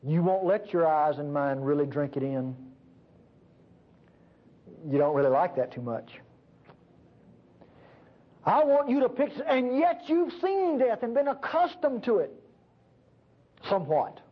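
A man preaching a sermon fervently, swinging between loud emphasis and hushed low passages. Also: very animated, measured pace, pauses often. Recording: dull lo-fi recording.

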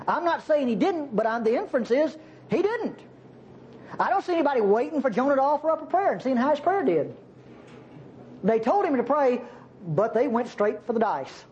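A male preacher teaching through a Bible passage in a folksy, chuckling manner. His pitch swings widely as he talks, and the recording is dull and lo-fi with faint noise behind him. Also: darkish tone. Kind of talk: sermon.

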